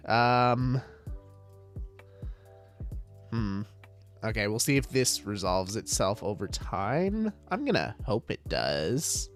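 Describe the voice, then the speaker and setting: A man's voice: mid-range voice, clean tone. A man streaming a game live, chatting casually and greeting viewers, with many fillers. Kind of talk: casual livestream chat.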